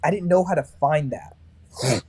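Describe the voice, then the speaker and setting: Man, thirties, mellow dark voice, casual animated storytelling, from California. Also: a little high, a little slow, husky. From Sacramento, California. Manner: animated, acts out other people's lines. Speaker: metalcore band vocalist and barber. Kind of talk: casual storytelling in a podcast interview.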